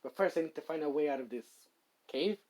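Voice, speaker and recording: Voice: mid-range voice, fast talker, a little mellow, close to an everyday voice. A fan storyteller voicing a cocky young male devil hero in a casual retelling, brash and eager, with an everyday voice.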